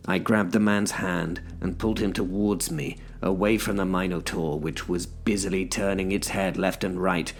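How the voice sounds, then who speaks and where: A man's voice: low voice, steady tone, moderate pace, few pauses, a little hiss or hum. A man narrating a first-person story in a dry, wry storytelling manner.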